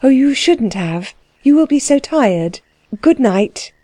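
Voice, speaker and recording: A spirited young noblewoman speaks in a weary, tired way, as a woman reads her aloud. The voice is mellow and dry, set in an audiobook. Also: high voice, big pitch swings, takes it slowly, no room sound, voice pushed up, full character voice. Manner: weary, impulsive.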